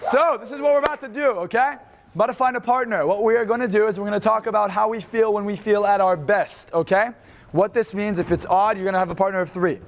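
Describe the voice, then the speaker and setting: A man leading a live seminar, energetic and fast, swearing freely as he instructs the room. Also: high-pitched, slight background noise. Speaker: seminar speaker.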